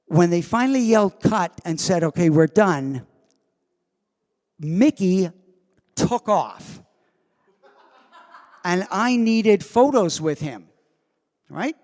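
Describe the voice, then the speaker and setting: A man spins an unhurried story for a convention crowd, acting out every quoted line. His voice sits a little high, and a long hall reverb trails each phrase. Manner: animated storyteller who acts out quoted lines. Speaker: convention guest of honor. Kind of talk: anecdote told to a live audience.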